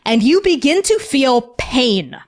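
A woman's voice: sits high, big pitch swings, slow, darkish tone. A woman narrating as game master in a tabletop game, casual and full of "like"s. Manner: casual, filler-heavy narration with many "like"s.

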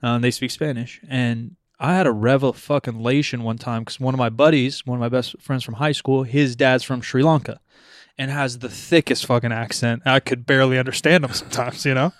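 A man's voice: medium pitch, steady tone, a little fast, dry recording, clean studio sound. A young man from Portland hosting a podcast, talking casually and rambling with lots of swearing and laughs. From Portland, Oregon. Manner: profane, rambling, laughs often. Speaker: podcast host. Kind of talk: casual chat.

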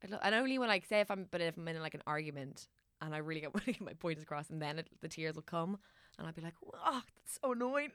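A woman's voice: low-pitched, rapid-fire, fairly bright tone, clean tone, no room sound, studio quality. A woman guesting on a podcast, chatting casually with frequent laughs and stop-start, self-interrupting sentences. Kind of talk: casual chat.

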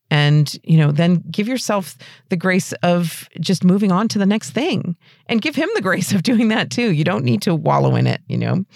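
A woman's voice: no room sound, clean studio sound. A middle-aged woman hosting a faith-based advice podcast, answering a listener's question in an earnest, encouraging way. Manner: warm, encouraging, earnest; lively pitch rises. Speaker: podcast host.

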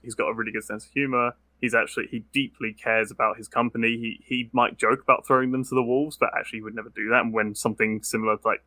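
A young British man in casual podcast chat, talking quickly and acting out quotes as he explains. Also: mid-range voice, no room sound. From Britain. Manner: quick, animated, acts out quotes.

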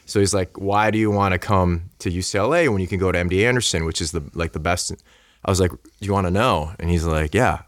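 A man with a fairly low voice tells a rambling personal story on a podcast. He slips into the voices of the people in it, with plenty of fillers along the way. The sound is dry and close, with no room echo. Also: fast talker. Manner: animated, acts out quoted dialogue; many fillers like "like" and "you know". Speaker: podcast guest. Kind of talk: casual storytelling chat.

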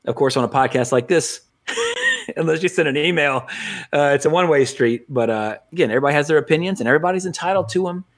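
A man hosting a podcast, with a voice pitched a little high. He rambles in loose, casual talk, corrects himself mid-sentence and breaks into laughter often. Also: huge pitch swings, quick pace. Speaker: podcast host.

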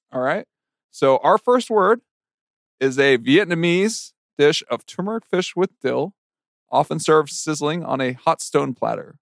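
A man's voice: a little high, no echo, studio quality. A man running a pronunciation quiz segment, announcing words and spelling them out. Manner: brisk, announcing, reads spellings slowly. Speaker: quizmaster producer.

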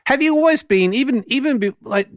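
A male podcast host whose pitch rises and falls a lot as he works his way through long, earnest questions. The sound is dry and close, with no room around it. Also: expressive, brisk, dry recording. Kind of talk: interview questions.

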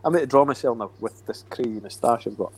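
A man's voice: mid-range voice, fast, slightly rough. A middle-aged Scottish man hosting a podcast, chatting casually over drinks and rambling through stories with easy laughter. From Scotland. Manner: chatty, rambling storyteller who laughs easily. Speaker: podcast host, former footballer.

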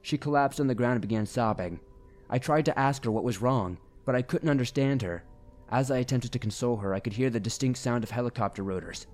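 A man narrating a first-person horror story in a steady, grave way, at a middling pitch. Faint music plays under his voice throughout. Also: a little fast.

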